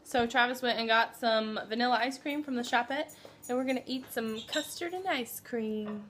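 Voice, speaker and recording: A woman's voice: on the high side, moderate pace, noisy background. A woman chatting casually in a home vlog, then gushing over her dog in baby talk. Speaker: vlogger.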